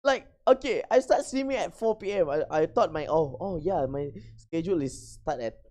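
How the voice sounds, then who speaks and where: A young adult VTuber streamer from Malaysia, chatting casually and getting flustered, often breaking into high laughter. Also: animated, normal speed, warm tone. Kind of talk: casual live-stream chat.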